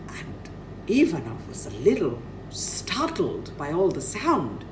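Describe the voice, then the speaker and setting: A woman's voice: deep voice, huge pitch swings, slow, background noise. A woman telling a children's story dramatically, dropping to near-whispers for effect.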